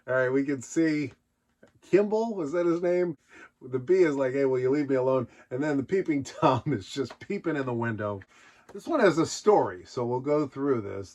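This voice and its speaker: Lively, joking man reviewing old books. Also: medium pitch. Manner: jokey, puts on silly character voices. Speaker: nostalgia show host. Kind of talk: casual comedic commentary.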